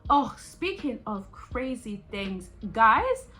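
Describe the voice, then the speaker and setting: A woman vlogger chatting casually and excitably about a TV series, rambling and jumping between thoughts. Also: fairly high pitch, slow. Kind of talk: casual reaction chat.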